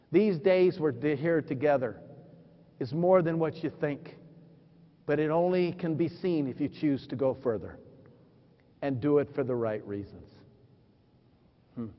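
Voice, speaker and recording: A man in his fifties with a high voice gives a motivational keynote from a stage, swinging from hushed asides to sudden shouts as he acts out his stories. The sound is dull and muffled, with a long reverb trailing through a big conference hall. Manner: animated storytelling, acting out dialogue, sudden shouts. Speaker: motivational speaker.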